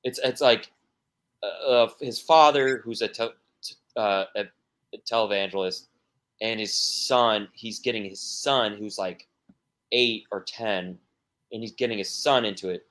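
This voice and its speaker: A man's voice: fairly low pitch, measured pace, fairly bright tone. A man, a musician guest on a podcast, talking casually and rambling through stories with many restarts and fillers.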